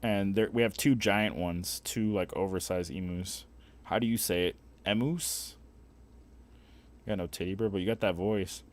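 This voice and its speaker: Crude, joking man with a lowish voice. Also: steady tone, a little fast. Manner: crude, joking banter with heavy swearing; rambling, with frequent fillers and restarts. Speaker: livestreamer. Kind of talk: casual livestream chat.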